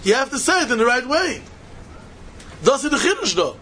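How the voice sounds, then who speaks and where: High-pitched man teaching Talmud. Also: big pitch swings, fairly quick, bright, forceful tone, a little hiss or hum. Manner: mixes Yiddish and Hebrew terms, sing-song rising questions. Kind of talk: Talmud study lecture.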